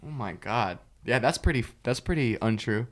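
A man's voice: mid-range voice, expressive, normal speed. A man interviewing a guest in casual, swearing banter, laughing along often. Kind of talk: casual chat.

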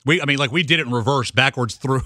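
A man's voice: medium pitch, bright, forceful tone, no room sound. A man co-hosting a radio show, telling laid-back stories in a studio. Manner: laid-back storyteller, quick laughs. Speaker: radio co-host. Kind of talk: casual radio banter. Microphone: studio mic.

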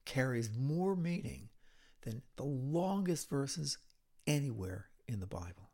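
A male preacher in mid-sermon, unhurried and deliberate. His voice sits in an ordinary middle register, and he drops to hushed, whispered lines to draw listeners in. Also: mid-range voice, very animated. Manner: slow, dramatic retelling with hushed, whispered moments.

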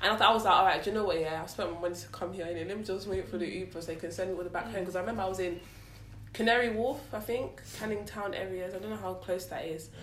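A woman's voice: mid-range voice, roomy sound, distant mic. A woman in her twenties with a London accent, telling a story in casual chat, acting out the lines of people she quotes. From London, England. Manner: rapid, storytelling, acts out quotes, laughs often.

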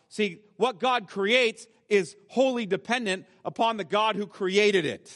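A man preaching a sermon as pastor, reading scripture aloud and slowing down to stress key words. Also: high-pitched, fairly bright tone, big-room sound. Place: church sanctuary.

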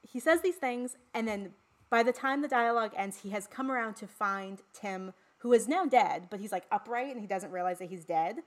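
A woman's voice: medium pitch, normal speed. A woman co-hosting a podcast, talking casually and swearing freely about a horror film. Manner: chatty, swears freely, lots of fillers. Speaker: podcast co-host.

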